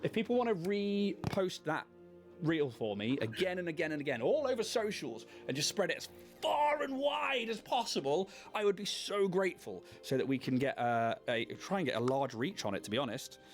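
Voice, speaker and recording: A man's voice: a little high, very animated, moderate pace, faint music behind. Chatty self-mocking man hosting. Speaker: host. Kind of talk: casual chat while painting miniatures on a livestream.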